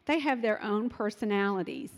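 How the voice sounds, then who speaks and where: A middle-aged woman telling parenting stories in an animated way, acting out what her children said. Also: medium pitch, normal speed, big-room sound. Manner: animated, acts out quotes of her kids. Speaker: speaker sharing parenting stories. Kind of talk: storytelling talk.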